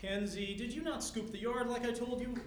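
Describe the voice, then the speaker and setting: A woman's voice: a little high, a little fast, very noisy, lightly acted. A woman playing a grumbling father who complains about chores and costs.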